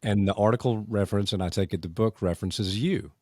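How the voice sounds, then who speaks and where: A man hosting a podcast, setting up a question in a measured, conversational way. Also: on the low side, a little mellow, no room sound, clean studio sound. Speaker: podcast host. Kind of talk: interview questions.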